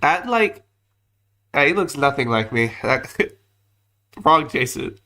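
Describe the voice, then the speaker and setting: A man's voice: medium pitch, very animated, slow, sharp tone. A man streaming live, chatting casually and joking at himself while reacting to videos. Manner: joking, chatty, self-mocking.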